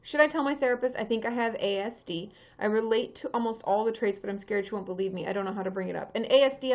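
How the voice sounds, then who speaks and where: A woman therapist chatting casually on a livestream, answering viewer questions with lots of fillers and restarts. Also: mid-range voice. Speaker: therapist answering live chat. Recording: dull lo-fi livestream audio.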